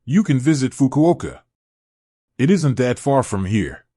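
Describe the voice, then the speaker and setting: A man reading aloud and voicing a kindly, nosy old man in his eighties with a gentle elderly voice. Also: medium pitch, very animated, unhurried, slightly rough, dry recording, studio quality. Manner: gentle, elderly, given to hearty laughs.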